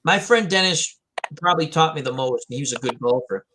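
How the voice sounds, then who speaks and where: Male host, somewhat high-pitched, loose and self-deprecating anecdotes, light background noise. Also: expressive, a little fast, bright, forceful tone. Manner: rambling storyteller, self-deprecating. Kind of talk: casual chat.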